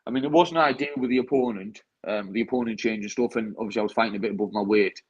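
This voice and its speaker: This young British bare-knuckle fighter talks rapid-fire in a lowish, slightly rough voice, with the highs cut off in the audio. Chatty after his fight, he keeps restarting and says "mate" in every sentence.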